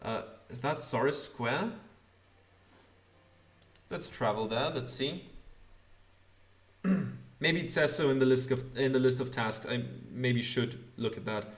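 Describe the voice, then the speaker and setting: A man hosts a let's play, reading game text aloud in a mid-pitched voice. He talks casually and stumbles often with hesitant fillers. His voice carries a roomy echo. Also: slow, pauses often.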